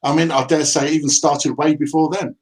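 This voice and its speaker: A man's voice: on the high side, flat delivery, brisk. A man hosting a casual livestream chat in an easygoing, reflective way. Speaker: host.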